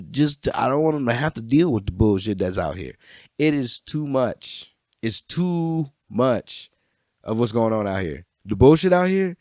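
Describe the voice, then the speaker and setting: A young adult man hosting a podcast alone, talking in a rambling, profane way with sudden animated outbursts. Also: mid-range voice, no echo, clean studio sound. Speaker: podcast host. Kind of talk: casual solo monologue. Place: room by a bookshelf.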